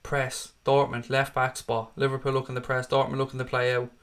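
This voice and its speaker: A man commentates a football match live for his viewers, fast and profane. His voice sits at an ordinary middle pitch for a man, and he jumps between excited play calls, curses at the referee, and replies to the chat. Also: clear, resonant tone. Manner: excitable, sweary, rants at the referee. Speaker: fan hosting a live watchalong.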